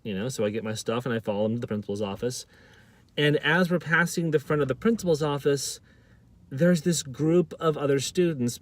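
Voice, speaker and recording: A man vlogger telling a personal story to camera, often stammering and repeating words. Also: mid-range voice.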